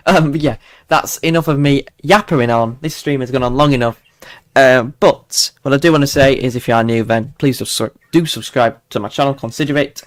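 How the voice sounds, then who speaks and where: This man, a weather channel host from Yorkshire, England, with a mild accent, speaks in a medium-pitched voice at normal speed. He runs a live forecast stream in a rambling, chatty way with many fillers and restarts, and the audio has no room sound.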